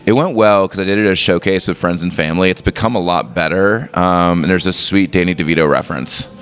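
A man with a notably low voice talks as a comedy guest on a podcast. He rambles through bits in a laid-back, casual way, leaning on filler words as he builds a joke. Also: fast talker, fairly bright tone.

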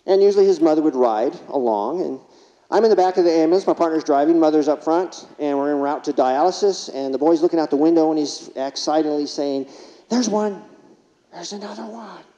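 A man's voice: on the high side, fast talker, warm tone. A man delivering a keynote speech at a conference, telling funny anecdotes and asking the audience rhetorical questions. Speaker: keynote speaker. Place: large conference hall. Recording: distant, dull hall reverb.

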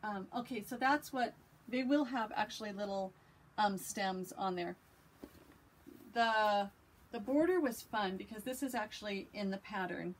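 Lady chatting away about her quilts, excited, lots of ums. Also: medium pitch, a little slow, a little hiss or hum. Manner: chatty, enthusiastic, many fillers and restarts. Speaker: quilting vlogger. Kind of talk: casual show-and-tell chat.

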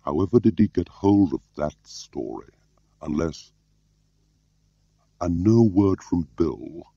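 A man with a very deep, gravelly voice playing a soft-spoken older spymaster who questions mildly, in a slightly muffled, dry recording. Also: lively intonation, takes it slowly, dry recording, heavily acted. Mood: quiet probing. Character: quiet, probing older male spymaster.

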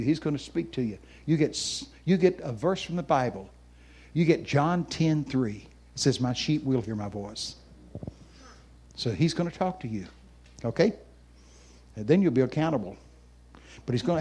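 An older man with a drawl preaches in a folksy storytelling manner. His voice sits a little high for a man. He moves between lively tales and quiet, personal words to listeners. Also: moderate pace, long pauses, husky. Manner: folksy, animated storyteller who then talks softly and personally to listeners.

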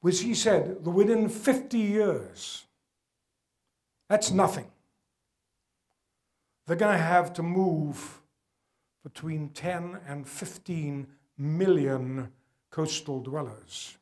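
An older man speaks to a gala audience in a measured lecture. His voice sits a little high for a man, and he leans on key words, then drops to a hush when the stakes are serious. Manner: earnest, emphatic, drops to quiet for weight. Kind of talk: public lecture with slides. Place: gala event hall.

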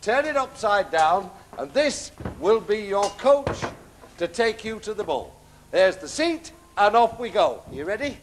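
On a theatre stage, a comic actor plays a bumbling, kindly pantomime father in a live comedy, full of puns and muttered asides. His voice sits high and very animated, delivered a little slowly with slight background noise. The mood is doting, the manner gentle and mumbling.

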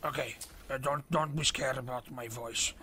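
An Italian man chatting while gaming, in halting broken English with many pauses. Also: mid-range voice, fairly even intonation, background noise. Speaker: gaming YouTuber. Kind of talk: casual game chat.

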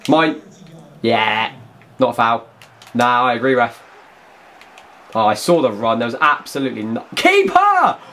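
A young man giving excited, chatty commentary over his own football video game match, often bursting into shouts. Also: mid-range voice, moderate pace, long pauses. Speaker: gaming YouTuber. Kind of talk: excited live gameplay commentary.

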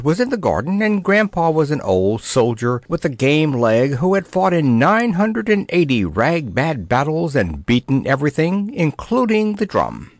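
Expressive man reading a storybook. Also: mid-range voice, no echo. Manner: expressive, playful. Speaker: audiobook narrator. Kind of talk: storybook narration.

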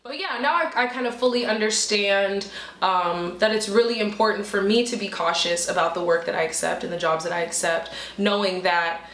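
A woman's voice: mid-range voice, fairly quick. A young woman, a singer and comedian, talking candidly about her name in an interview, acting out the people she quotes. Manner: animated, acts out quoted people. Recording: roomy echo.

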